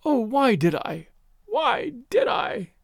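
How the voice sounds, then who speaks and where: A man's voice: high voice, wildly swooping pitch, normal speed, no echo, studio quality. A man voicing a distraught young woman who sobs and pleads in a raised, wavering voice. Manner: sobbing, wailing, breathless pleading.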